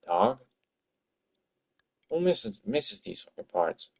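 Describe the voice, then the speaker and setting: A man's voice: fairly low pitch, expressive, a little slow. A man streaming his game-development work, talking to himself in an exasperated, swearing rant. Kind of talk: livestream commentary while working.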